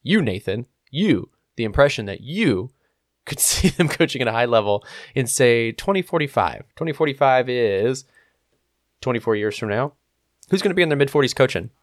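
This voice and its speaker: A man's voice: mid-range voice, expressive, normal speed, dry recording. A man co-hosting a casual sports podcast, reading listener questions with blunt, dry humor. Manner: dry, blunt, clipped jokes. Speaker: podcast co-host.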